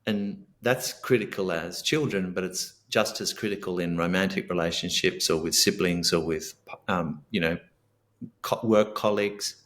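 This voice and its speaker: Earnest low-voiced man. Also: moderate pace, fairly bright tone. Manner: earnest, reflective, acts out sample dialogue. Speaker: guest author and coach. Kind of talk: podcast interview.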